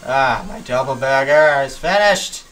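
A man giving animated let's-play commentary, yelping and talking back to the game's characters as he plays. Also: mid-range voice, a little slow, soft background music. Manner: animated, yelps at game characters. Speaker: gaming YouTuber.

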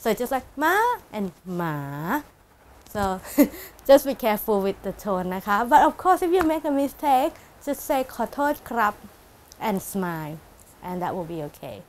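A woman's voice: medium pitch, very animated, quick pace, darkish tone, a little hiss or hum. Patient woman teacher. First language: Thai. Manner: patient, explains step by step with laughs. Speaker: language teacher. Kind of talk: casual language lesson.

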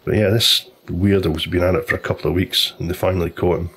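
A man's voice: deep voice, flat delivery, fast, fairly bright tone, breathy edge. A man casually telling a long, rambling story while commenting on a golf video game. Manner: chatty storyteller, loose and informal, many restarts.

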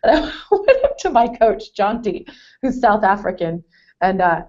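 A woman's voice: medium pitch, big pitch swings, measured pace, mellow. A woman in her forties, a former competitive swimmer, telling stories in a casual interview with lots of laughter and self-deprecating asides. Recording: dull lo-fi call audio.

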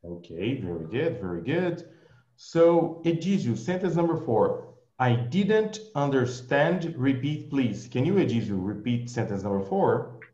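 A male English teacher with a Brazilian Portuguese accent, leading an online group class slowly and patiently, repeating his praise. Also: medium pitch, big pitch swings, mellow, roomy sound, lo-fi sound.

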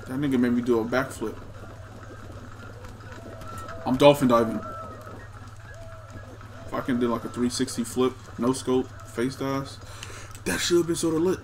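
A young man casually commenting on his own gameplay, excitable and trash-talking the other players. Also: medium pitch, normal speed, long pauses, a little hiss or hum. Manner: excitable, talks to himself and chat, trash-talks players. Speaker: gaming streamer.

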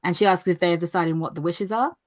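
A woman, recapping anime episodes in casual chat, chatty and quick to laugh. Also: lowish voice. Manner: chatty, laughs often, acts out lines in funny voices. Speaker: podcast co-host recapping anime.

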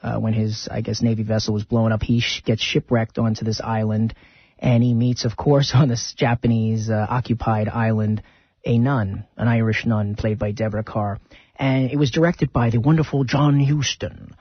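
Male radio host, chatty and rambling, slightly husky, muffled dry sound. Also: fairly low pitch, flat delivery, moderate pace, dry recording. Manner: rambling, chatty, retells film scenes. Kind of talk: casual radio talk.

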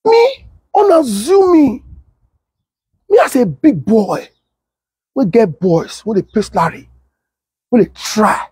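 A middle-aged Nigerian man speaks in a strong Pidgin accent with a high, husky voice. He tells his story casually and with energy, repeating himself and turning to ask his viewers questions. The sound is close and dry. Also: unhurried, pauses often, no room sound. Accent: Nigerian Pidgin English. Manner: animated, repeats himself, talks straight to viewers. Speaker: political commentator.

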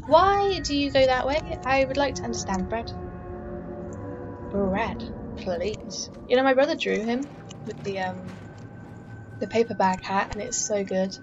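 A woman's voice: a little high, slow, pauses often. A woman playing through a game, talking to herself with frequent swearing and exclamations. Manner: chatty self-talk, swearing and exclaiming. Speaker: let's play gamer. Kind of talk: casual gameplay commentary. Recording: dull lo-fi mic with steady background noise.

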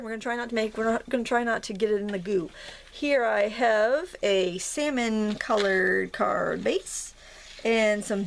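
A woman from Maine with a Maine accent, hosting a casual craft tutorial in a chatty, jokey, self-deprecating way. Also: on the high side.

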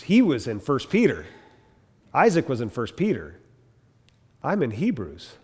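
A man's voice: mid-range voice, wildly swooping pitch, measured pace, pauses often, a little mellow, husky. A man teaching a class, telling stories and mimicking the people in them. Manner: storytelling, mimics people in quotes. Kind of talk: animated classroom lecture with acted anecdotes. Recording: long hall reverb.

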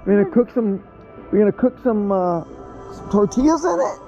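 A man's voice: high-pitched, big pitch swings, moderate pace, warm tone, highs cut off. A man playing with his son at a swimming pool, talking patiently, encouraging and teasing him. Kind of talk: casual playful chat with a child. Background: music.

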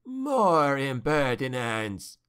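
A man's voice: mid-range voice, wildly swooping pitch, extremely slow, a bit bright, smooth, full character voice. A man doing a sneering spoiled young general. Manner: sneering, imperious.

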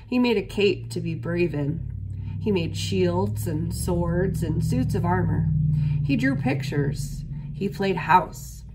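A woman reading a children's picture book aloud as a storyteller, steady and expressive. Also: lowish voice, slow pace, very noisy.

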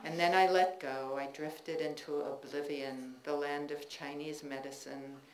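Memoir reader, woman, wry expressive delivery, lowish voice, roomy bookstore acoustics. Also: a little slow. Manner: wry, expressive storytelling with warm laughter. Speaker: writer reading her work. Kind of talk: live memoir reading. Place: bookstore reading, indoors. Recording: roomy bookstore with faint noise.

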